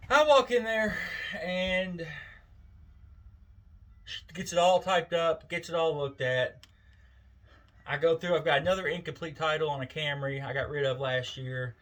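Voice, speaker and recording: A man's voice: on the high side, sharp tone, low-quality recording. A man, telling a wry, folksy story in a casual, chatty way. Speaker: vlogger.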